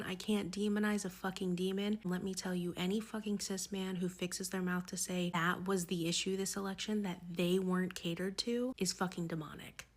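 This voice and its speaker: A woman delivering an angry, profane, sarcastic political rant straight to her viewers. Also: lowish voice. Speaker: political commentator. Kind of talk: ranting commentary to camera.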